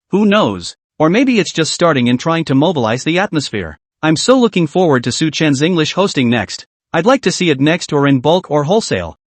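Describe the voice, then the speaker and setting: A man narrating a comic story recap in a scripted, lively reading style. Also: on the high side, no room sound. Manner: lively, reads out laughter as words.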